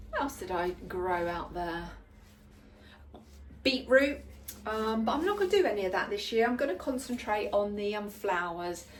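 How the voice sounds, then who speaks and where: A woman's voice: mid-range voice, slight background noise. A woman chatting casually and rambling a little as she pots up plants in a greenhouse. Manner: chatty and rambling, lots of ums and likes. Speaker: gardening vlogger. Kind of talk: casual chat while potting plants. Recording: roomy, mic at a distance.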